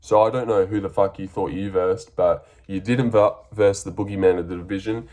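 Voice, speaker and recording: A man's voice: deep voice, steady tone, brisk, mellow. Blunt, profane Australian guy. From Western Australia. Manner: blunt, profane and sarcastic, with frequent ums. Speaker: MMA fight reviewer. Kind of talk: casual fight breakdown monologue.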